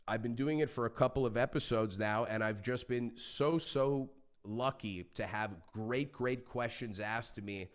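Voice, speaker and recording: Passionate, fired-up man with a smooth voice. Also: medium pitch. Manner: animated, swearing, passionate storyteller. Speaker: podcast guest. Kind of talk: casual interview talk.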